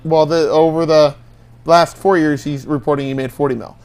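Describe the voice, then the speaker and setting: Smooth-voiced man reading news. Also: on the high side, fairly even intonation, moderate pace, a little mellow. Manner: reads headlines aloud, stumbles through mental math. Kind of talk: casual entertainment news chat.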